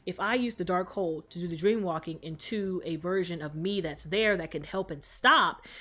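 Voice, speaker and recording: A woman's voice: fairly low pitch, normal speed, fairly bright tone. A woman putting on a cocky sorcerer man. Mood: scheming. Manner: cocky, swaggering slang. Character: sorcerer hero, a brash man.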